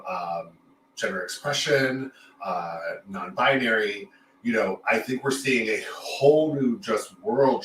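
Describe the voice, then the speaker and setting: A man hosting a casual chat, animated and jokey, quick to interrupt and laugh. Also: on the low side. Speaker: podcast host. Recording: roomy, distant mic with faint room noise.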